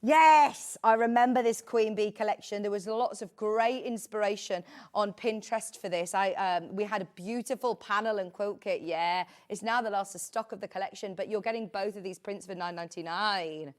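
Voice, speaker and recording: A woman's voice: mid-range voice, moderate pace, hardly any pauses. A middle-aged woman presenting on a shopping channel, chatting casually and drifting into friendly asides while selling fabric. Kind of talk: live TV sales chat.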